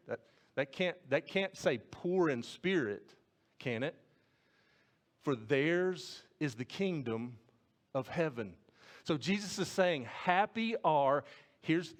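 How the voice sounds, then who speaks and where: Earnest and a little high-voiced, this man preaches as a pastor, often repeating and restarting words and putting questions to the congregation.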